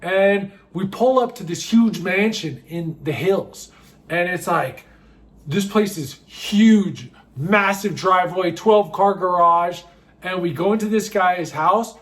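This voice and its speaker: A man's voice: high voice, slow, fairly bright tone. A man in his thirties telling a comic true story about himself, wry and self-mocking, rambling with fillers.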